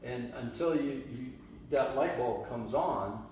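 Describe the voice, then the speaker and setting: A man's voice: medium pitch, takes it slowly, a little mellow. A man from the western US leading a church study group in a casual, rambling way, full of restarts and fillers. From Las Vegas, western US. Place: church meeting room. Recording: echoey room, distant mic, faint hum.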